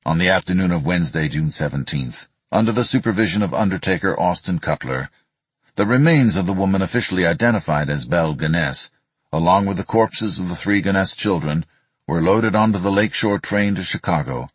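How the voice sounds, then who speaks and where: A man narrates nonfiction in a steady, measured reading voice. His voice sits low and has a husky edge. The recording is dry and close, with no room sound. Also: dry recording. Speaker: audiobook narrator.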